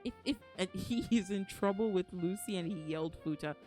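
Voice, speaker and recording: A woman's voice: medium pitch, a little fast, darkish tone, soft background music. A woman streamer chatting casually with her viewers, playful and teasing, putting on mock anger and laughing often. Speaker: streamer reading to chat.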